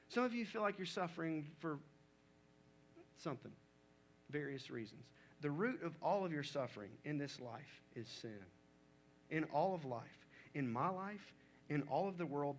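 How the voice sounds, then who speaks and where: A man's voice: fairly high pitch, fairly bright tone, slight background noise. A male pastor preaching a sermon in a conversational way, reading scripture aloud and talking it through.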